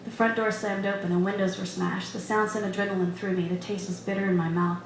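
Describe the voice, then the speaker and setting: A woman author reading her own first-person story aloud at a live event, in a measured storytelling manner. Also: medium pitch, flat delivery, creaky, a little hiss or hum. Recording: echoey room from a distant mic. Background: bar room chatter.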